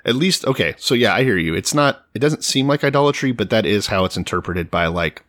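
A man co-hosting a casual comedic podcast, retelling a story with animated voiced asides and swearing. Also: fairly low pitch, a little fast, no room sound, clean studio sound.

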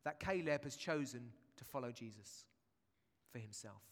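A man's voice: medium pitch, lively intonation, normal speed, a bit bright. A man preaching a sermon in a church, chatty and jokey, with asides to the congregation. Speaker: pastor. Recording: long church reverb.

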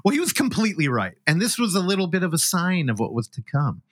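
A man's voice: high-pitched, sing-song, fast, fairly bright tone, no echo. A man hosting a film podcast, casually recapping a movie's plot with joking asides. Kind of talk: casual film review chat.

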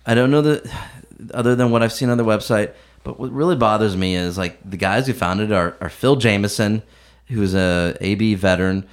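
A man's voice: lowish voice, fairly even intonation, normal speed. A man co-hosting a casual beer podcast, talking with a sarcastic, joking edge. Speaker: podcast co-host, beer reviewer. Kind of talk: casual chat.

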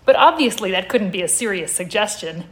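A woman voicing a flustered, defensive male tiger who rambles through quick denials, as part of a comic story reading at a live show. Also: medium pitch, expressive, lightly acted. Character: anxious, defensive male tiger, imaginary friend.

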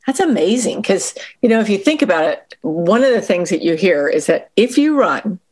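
A woman's voice: mid-range voice, very animated, moderate pace, a little mellow. A woman hosting an interview, attentive and affirming in casual chat. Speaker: interviewer host.

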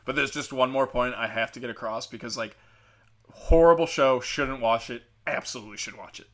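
Man, podcast host, bright tense voice, rambling casual storytelling, swears a lot. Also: mid-range voice, fairly quick. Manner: rambling, profane, joking storyteller. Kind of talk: casual rambling show recap.

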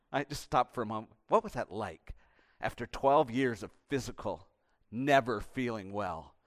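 Preaching with animation, a male pastor swings between emphatic bursts and hushed, intimate appeals. His voice sits at a medium pitch.

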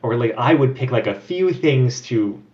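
A man co-hosting a casual podcast, telling stories in a relaxed way with plenty of fillers. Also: medium pitch, moderate pace. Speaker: podcast co-host. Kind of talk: casual chat. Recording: dull lo-fi audio.

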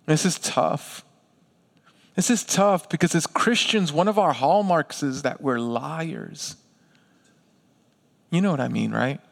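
A pastor preaching a sermon to his congregation, talking in an animated, conversational way and acting out little asides. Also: on the high side, slow pace, creaky, pauses often, big-room sound.

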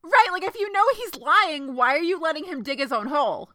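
A woman's voice: high voice, animated, brisk, bright, forceful tone. A young woman co-hosting a podcast, reacting emphatically with blunt swearing. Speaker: podcast co-host. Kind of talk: casual chat.

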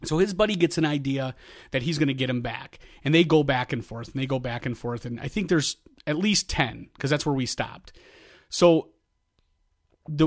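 A middle-aged man co-hosting a podcast, telling stories in a rambling, casual way with frequent restarts. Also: on the high side. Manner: rambling storytelling with many restarts. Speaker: podcast co-host. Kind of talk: casual chat.

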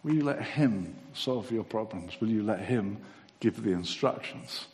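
A man preaching a sermon, acting out little dialogues with lively energy and ending in a gentle altar call. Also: on the low side, a little slow. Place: church hall. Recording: long hall reverb.

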